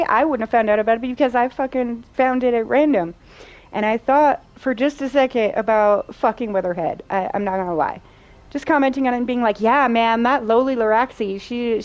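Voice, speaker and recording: A woman's voice: fairly high pitch, a little mellow. Blunt, profane woman streamer. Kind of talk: casual chat while playing. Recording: faint game music behind.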